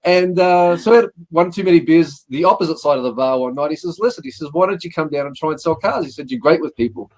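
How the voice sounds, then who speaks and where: A man's voice: fairly high pitch, fast talker, hardly any pauses. A middle-aged Australian man, a guest telling rambling anecdotes about his work and acting out what people said. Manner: rambling anecdotes with acted-out quotes and repeated "he says". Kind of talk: casual interview storytelling.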